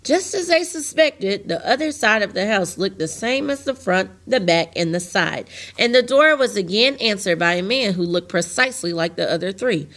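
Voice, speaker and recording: A woman reading a chapter of a novel aloud to a class, steady and plain, with small slips. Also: mid-range voice, normal speed.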